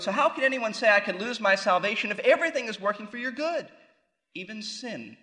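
A man's voice: high voice, sharp tone, low-quality recording. A man teaching a Bible sermon as a pastor, emphatic and fond of rhetorical questions. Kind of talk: expository sermon.

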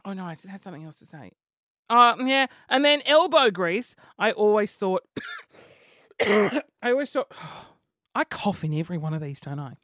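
A man's voice: sits high, moderate pace, pauses often, dry recording, studio quality. A man, hosting a comedic podcast monologue full of exasperated, swearing rants. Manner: animated, exasperated ranting with swearing and playful impressions. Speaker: podcast host.

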